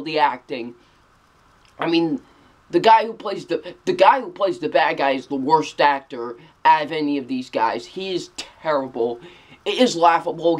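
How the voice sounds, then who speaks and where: A casual video reviewer who talks straight to the viewers. The delivery is emphatic and repetitive, restating one blunt verdict over and over, with a pitch that sits in the middle range. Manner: emphatic and repetitive, circling back to the same verdict again and again. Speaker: movie reviewer.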